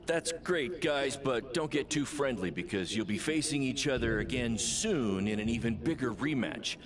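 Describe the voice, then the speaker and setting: A man voicing an upbeat, scheming wrestling manager who talks in a brisk, salesy, joking way. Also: medium pitch, lively intonation, close to an everyday voice. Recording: game audio over loud crowd.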